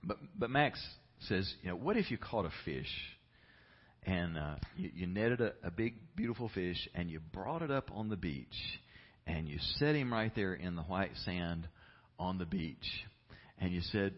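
A man's voice: sits low, expressive, normal speed, highs cut off. A man preaching a sermon as pastor, telling a story and building to passionate emphasis.

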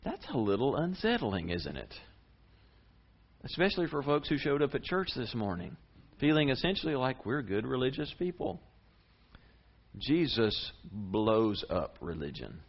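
A man preaching a sermon as a pastor, conversational and lively, with big rises and drops in his voice. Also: moderate pace, muffled recording. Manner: lively, conversational preaching with sharp swings in pitch and volume.

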